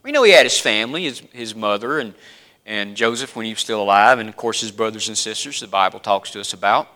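A man preaching a sermon, dropping to a hush and then rising to loud, emphatic appeals. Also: on the low side, fast talker. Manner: preaching with wide swings from hushed to loud and emphatic.

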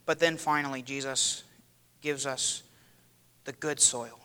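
Bright-voiced man preaching a sermon. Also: medium pitch, fairly even intonation, slow pace, clean tone. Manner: dramatic, rising to loud cries when quoting. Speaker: pastor. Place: church.

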